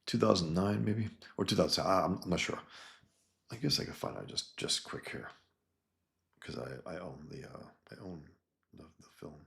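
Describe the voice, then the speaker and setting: A man's voice: low voice, animated, moderate pace, creaky, fairly bright tone. A man casually reviewing a comic book, rambling and thinking aloud.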